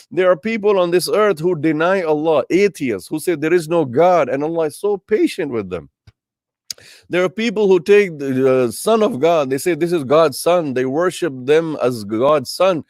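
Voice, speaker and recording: Male Islamic teacher giving a tafseer lecture, lively and expressive, recorded dry and close. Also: a little high, no room sound. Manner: animated, acts out quoted voices; addresses listeners as brothers and sisters.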